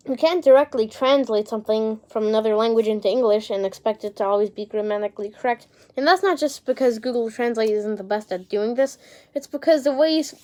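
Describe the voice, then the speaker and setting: A woman with a somewhat high voice talks casually to the camera. She rambles, restarts her sentences and drops in a swear word now and then as she sounds out invented words. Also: a little mellow. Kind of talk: casual talk to camera, showing off an invented language.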